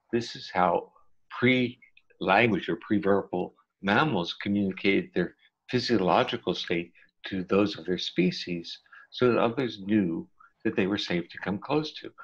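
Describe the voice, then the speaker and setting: An older man as an interview guest, explaining in a measured, lecturing way with long drawn-out phrases over a remote call. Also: deep voice, vocal fry, breathy edge, dull audio. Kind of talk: explanatory conversation.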